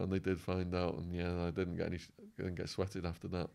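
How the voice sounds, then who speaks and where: A man guest in an interview, telling stories animatedly and acting out quotes, his voice going hoarse. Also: low voice, level tone, quick pace, hardly any pauses, a little mellow. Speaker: podcast guest. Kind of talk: storytelling in an interview.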